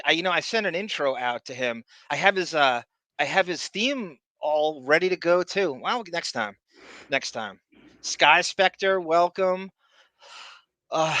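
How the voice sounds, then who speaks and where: A man hosts a casual podcast, calling out viewers by name between crude jokes and long rambling stories. His voice is bright and forceful, and it is recorded dry and close. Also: on the high side, no echo. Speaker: podcast host. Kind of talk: casual chat, greeting live chat viewers.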